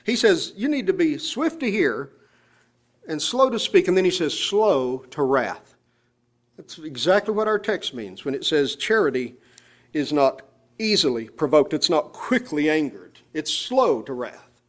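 A man preaching a sermon in church, emphatic, drawing out key phrases slowly. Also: on the high side, sing-song. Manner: emphatic, slows down on scripture phrases.

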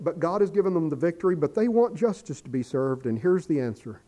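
Earnest male preacher with a mellow voice. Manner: earnest, rising to emphatic pleading; quotes scripture in a quiet lowered voice. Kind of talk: sermon.

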